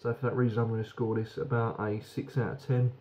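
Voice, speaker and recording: A man's voice: mid-range voice, little pitch movement, brisk, a little mellow, lo-fi sound, slight background noise. A British man giving a frank, rambling beer review that swears casually.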